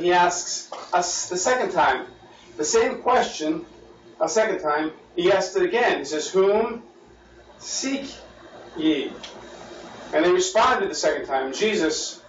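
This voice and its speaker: A man with an American accent leading a church Bible study as pastor, repeating his words as he thinks and asking the class questions. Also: sits high. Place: church meeting room. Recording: roomy, distant, dull and lightly noisy.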